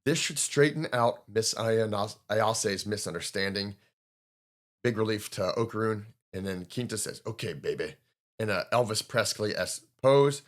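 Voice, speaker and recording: A man with a somewhat low voice hosts a casual podcast, recapping a manga with plenty of enthusiasm. He laughs often and slips into playful voices when quoting the characters. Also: measured pace. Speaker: podcast host.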